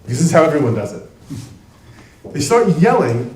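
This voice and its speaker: A man's voice: fairly high pitch, a little hiss or hum. A man who is a trial lawyer, giving an emphatic talk to an audience in a large room, heard from a distant mic. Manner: emphatic and animated, with quick bursts. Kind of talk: presentation to an audience. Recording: echoey room, voice from far off.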